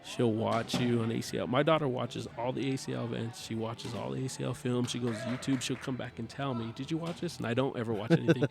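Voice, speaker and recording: A man's voice: medium pitch, little pitch movement, fast, vocal fry, few pauses. A man, a guest on a talk show, chatting casually and animatedly, acting out bits of dialogue as he tells a story. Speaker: podcast guest, cornhole player.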